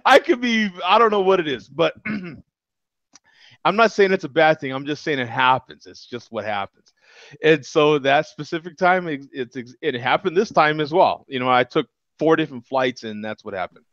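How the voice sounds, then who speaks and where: Laughing, animated middle-aged man on a call. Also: fairly high pitch, normal speed, no room sound. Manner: animated, laughing storyteller with frequent "you know what I'm saying". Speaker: regular panelist. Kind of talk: casual storytelling chat. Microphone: video call. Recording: dull lo-fi video call audio.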